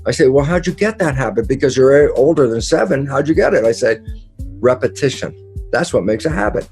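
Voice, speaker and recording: An older man, a guest speaker in an animated interview, tells stories in a mellow, relaxed voice, acting out quoted dialogue and swearing casually. His voice is medium-pitched, fairly quick and a bit breathy, with faint music playing softly underneath.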